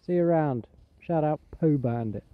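A man's voice: fairly high pitch, normal speed. An English man telling a cheeky, rambling story in a voice message sent to a show. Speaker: caller sending a voice message. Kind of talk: casual storytelling. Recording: muffled lo-fi voice message.

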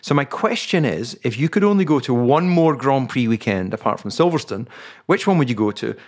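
A male podcast co-host talks in a wry, teasing manner and reads out listener questions with relaxed timing. His voice sits at an ordinary middle pitch for a man. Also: brisk. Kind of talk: casual chat.

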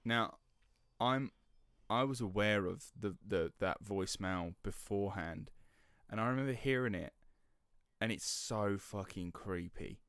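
A man's voice: lowish voice, a little slow, a bit bright, smooth, dry recording, clean studio sound. A man co-hosting a podcast, chatting casually and often searching for the right word. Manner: hesitant, searches for words. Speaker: podcast co-host.

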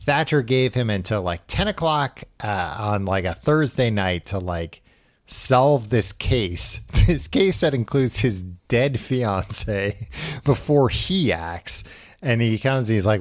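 A podcast host recaps a book in casual chat, telling it wryly and acting out quotes. His voice is fairly low, expressive and slow, recorded cleanly in a studio with no echo.

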